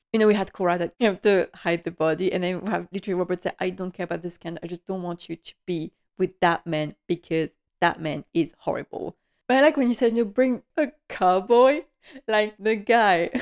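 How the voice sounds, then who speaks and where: A woman host giving a casual, gushing episode recap, emotional and full of fillers. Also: mid-range voice.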